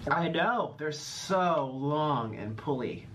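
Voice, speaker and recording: A man's voice: on the high side, lively intonation, slow. Man cooing over food, noisy clip. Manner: coos and talks baby-talk to a pet. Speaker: mukbang eater. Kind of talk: eating video chatter. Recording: noisy clip played back.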